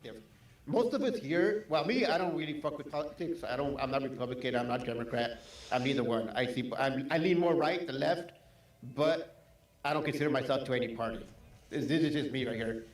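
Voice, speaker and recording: Man, fast and slightly high, smoothing things over in an echoey room. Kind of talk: podcast debate.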